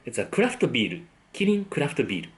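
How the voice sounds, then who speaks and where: A man's voice: mid-range voice, big pitch swings, a little slow. A man, hosting a food vlog and tasting his dinner with frequent appreciative hums. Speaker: food vlogger. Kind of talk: casual tasting commentary.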